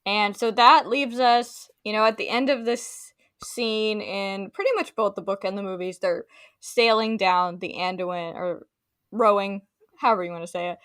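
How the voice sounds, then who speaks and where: A woman's voice: medium pitch, fairly even intonation, normal speed, fairly bright tone, no room sound, studio quality. A woman co-hosting a casual book discussion podcast, chatty with many fillers and playful quoted voices. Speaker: podcast co-host.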